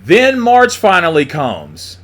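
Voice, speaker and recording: Male commentator, blunt and profane, lively swinging pitch, a bit high-voiced. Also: slow. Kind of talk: opinionated monologue.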